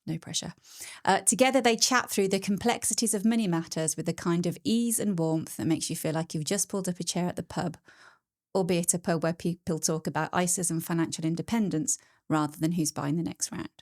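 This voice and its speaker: A woman's voice: lowish voice, brisk. A woman in her fifties, a podcast guest who reads a review aloud and chats in a self-deprecating way. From United Kingdom. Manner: self-deprecating, laughs often. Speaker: podcast guest, tax specialist. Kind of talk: casual chat, reading a review aloud.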